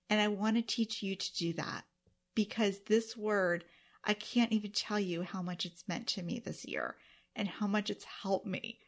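A woman's voice: mid-range voice, a bit bright. A woman hosting her own podcast alone, talking earnestly and emotionally to her listeners. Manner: emotional, earnest, tearful at times. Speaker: podcast host. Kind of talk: solo podcast monologue.

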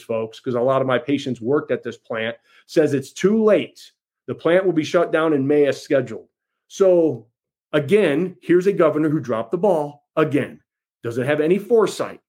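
A man's voice: medium pitch, darkish tone. A man giving an emphatic campaign speech, repeating his points and addressing listeners as folks. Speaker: political candidate.

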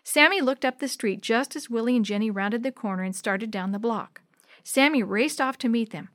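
Brief: woman narrator, children's storybook, expressive delivery, fairly high voice, dry close sound. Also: normal speed, no room sound. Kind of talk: scripted narration of a children's book.

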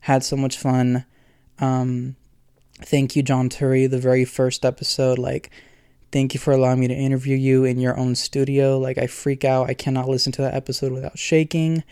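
A man's voice: mid-range voice, completely flat delivery, moderate pace, a little mellow, clear, resonant tone, no echo, clean studio sound. A man hosting his own podcast, talking alone in an earnest, rambling way with many fillers. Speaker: podcast host. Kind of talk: casual solo podcast talk.

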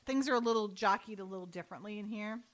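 A middle-aged woman in casual chat, recapping an episode with lively quoted lines. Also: mid-range voice. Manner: animated retelling with quick quoted voices and laughs. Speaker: podcast co-host.

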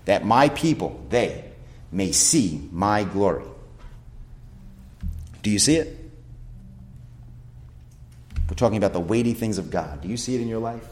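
A male pastor delivers a sermon in a fairly low voice. He preaches emphatically, putting rhetorical questions to his listeners and reading scripture aloud between points. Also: animated, fast, a little mellow.

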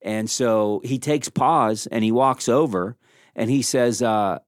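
A man hosting a leadership podcast, talking into a studio microphone in a small room. His voice sits at an ordinary middle pitch and sounds close and dry, with almost no room echo. He tells stories in a lively, self-deprecating way and acts out the dialogue he quotes. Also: slow. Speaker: podcast host.

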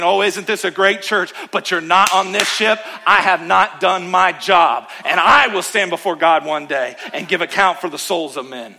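A male pastor preaching a sermon in church, emphatic, with rhythmic repetition, swinging between loud calls and hushed asides. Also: high voice.

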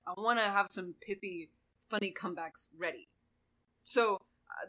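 Woman podcast host, bright clear tone, chatty and animated, keeps doing little quote voices. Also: medium pitch, poor audio. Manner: animated storytelling, fond of mock quotes. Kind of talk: casual podcast chat.

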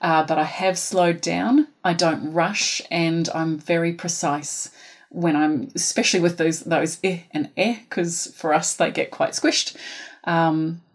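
A woman's voice: fairly low pitch, fairly even intonation, slow. A woman with a New Zealand accent, a teacher answering podcast questions in a careful, explanatory way with frequent ums. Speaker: phonics intervention teacher, guest.

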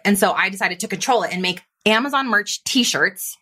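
A woman on a podcast interview recounts her journey in an animated, flowing way. Her voice is bright and forward, and she keeps slipping into quoted dialogue of her own thoughts. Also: medium pitch, moderate pace. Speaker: podcast guest, business coach. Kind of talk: conversational interview storytelling.

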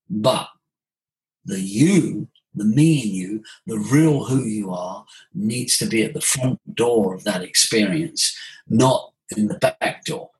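A man, a voice coach explaining ideas in an animated conversational way. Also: lowish voice, rough recording. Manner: animated, demonstrates vocal sounds. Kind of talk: conversational teaching.

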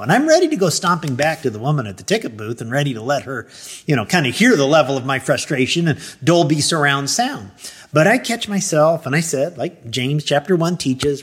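A middle-aged man, a pastor, telling a personal story in an animated way, acting out his own thoughts and replies. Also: mid-range voice, brisk, slightly rough.

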